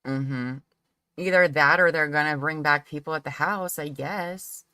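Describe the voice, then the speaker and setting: A woman hosting a relaxed livestream chat, talkative and giggly, gushing about her favorite shows. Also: deep voice, measured pace. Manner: chatty and giggly, gushes over favorite shows. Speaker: livestream host. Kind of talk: casual chat.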